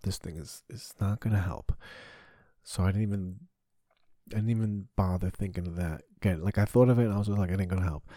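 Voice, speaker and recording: A man with a low, mellow voice rambles through a crude, profanity-laced story. The recording is dry and close, made in his home basement as a casual comic podcast monologue. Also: no room sound. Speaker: podcast host.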